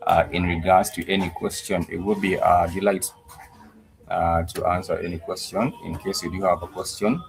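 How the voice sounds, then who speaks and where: A man teaching a live-streamed language class, talking slowly, repeating words and spelling them out letter by letter, with frequent "uh" pauses. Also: deep voice, flat delivery, creaky, rough recording. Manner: frequent "uh" fillers. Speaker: Swahili teacher.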